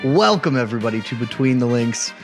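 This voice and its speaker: A man hosting a sports panel show, introducing guests in a playful, excited announcer style. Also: mid-range voice, fairly quick, music in the background. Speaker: host.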